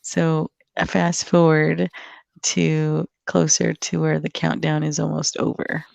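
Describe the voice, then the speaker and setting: A woman's voice: low voice, completely flat delivery, slow, creaky, darkish tone, dry recording, highs cut off. A woman guest chatting casually on a live stream, giggly and rambling with many ums. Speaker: guest co-host.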